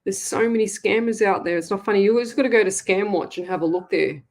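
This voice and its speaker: A woman's voice: mid-range voice, quick pace, darkish tone. Chatty Australian woman giving readings. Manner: chatty, rambling, direct advice-giving. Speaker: psychic medium radio host. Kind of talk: casual live-stream reading.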